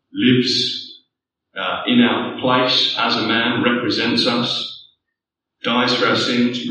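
A man's voice: mid-range voice, pushed and bright, a little hiss or hum. A man preaching a sermon, earnest and building to rhetorical questions. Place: church hall. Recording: echoey distant church room mic.

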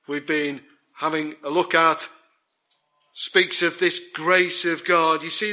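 A man preaching to a congregation in an earnest, emphatic way. His voice sits high and bright, and he takes his time, pausing and repeating words to press a point home. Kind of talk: sermon.

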